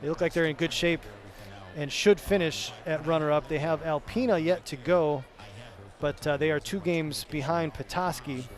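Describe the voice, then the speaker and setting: A man's voice: fairly high pitch, moderate pace. A male sports announcer giving a postgame wrap-up, rattling off player stats in a chatty, self-correcting way. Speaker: play-by-play announcer.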